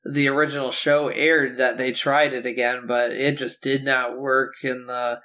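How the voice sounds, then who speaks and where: A man co-hosting a podcast, chatting casually and sharing trivia in a relaxed way. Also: mid-range voice, measured pace. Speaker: podcast co-host. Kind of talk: casual chat.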